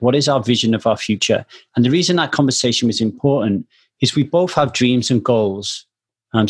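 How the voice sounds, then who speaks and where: A man's voice: medium pitch, husky. A man hosting a casual conversation, earnestly telling a personal story in a reflective way.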